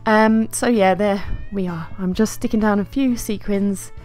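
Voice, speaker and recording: A woman's voice: mid-range voice, fairly even intonation, measured pace, soft background music. Chatty woman narrating her craft. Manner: chatty and self-deprecating, with soft laughs and trailing fillers. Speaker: scrapbooking vlogger. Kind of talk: casual voice-over narration of a craft process.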